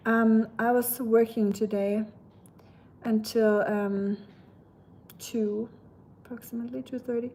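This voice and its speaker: Young woman, German accent, casual stream chat, rambling with fillers, mellow voice, faint background noise. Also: fairly high pitch, little pitch movement, takes it slowly. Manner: chatty, rambling with many fillers. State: tired. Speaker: livestream host. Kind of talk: casual livestream chat reading comments.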